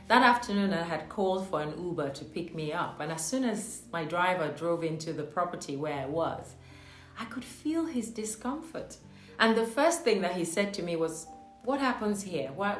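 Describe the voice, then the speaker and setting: A woman vlogger telling a personal story in an earnest, reflective way. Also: fairly low pitch. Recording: roomy echo, faint music.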